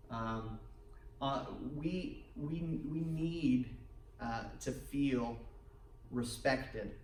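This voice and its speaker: A man's voice: mid-range voice, a little hiss or hum. Man speaking in an echoey church hall. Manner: halting, full of restarts, grows animated in stories. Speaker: marriage workshop co-presenter. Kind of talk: church workshop talk. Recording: echoey room, far from the mic.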